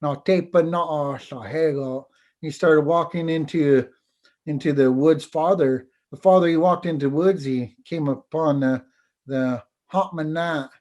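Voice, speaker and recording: A man, a teacher and storyteller, telling a folk tale over a video call in an unhurried, halting way. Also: fairly high pitch, a little mellow, lo-fi sound. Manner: unhurried, halting, repeats words. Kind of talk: oral storytelling.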